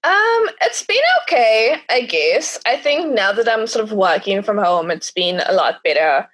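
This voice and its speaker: A woman's voice: medium pitch, very animated, measured pace, a bit bright. Young woman, podcast guest, casual chat, chatty, laughs often. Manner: chatty, laughs often, acts out her own thoughts.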